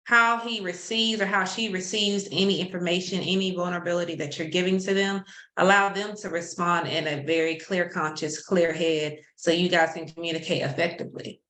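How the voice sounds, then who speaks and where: A woman therapist walks viewers through relationship tools in a steady, practical way, with small restarts as she goes. Her voice is fairly low. The sound has a roomy echo. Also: fairly quick. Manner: steady explaining, sports metaphors, small restarts. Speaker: therapist co-host. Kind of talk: explaining counseling tips.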